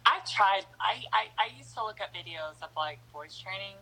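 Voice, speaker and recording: A woman's voice: medium pitch, expressive, brisk, vocal fry, pushed and bright, breathy edge, poor audio. A woman guest in a casual video chat, talking hesitantly, restarting and trailing off.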